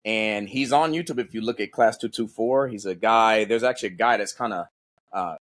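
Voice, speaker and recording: A man, a former Navy SEAL guest on a podcast, telling stories in a casual, animated and profane way. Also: on the low side, a little fast. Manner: animated, profane, acts out voices in his stories. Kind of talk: casual storytelling in an interview.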